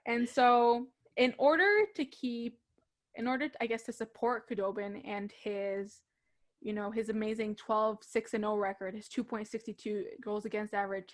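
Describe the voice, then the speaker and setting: Young female co-host, casual and giggly sports chatter, a touch high. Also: steady tone, normal speed. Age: young adult. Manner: chatty, laughs often.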